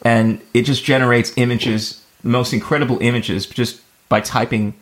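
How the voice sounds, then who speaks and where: A man's voice: medium pitch, level tone, moderate pace. A man hosting a podcast, talking in a laid-back, slangy and enthusiastic way. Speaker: podcast host. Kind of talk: casual conversation.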